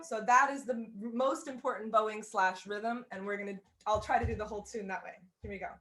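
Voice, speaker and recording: A woman's voice: medium pitch, fairly even intonation, a little fast, fairly bright tone, faint music behind. A woman teaching a fiddle class over a video call, explaining in a chatty way and often restarting and rephrasing as she goes. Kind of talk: online music lesson, casual explaining.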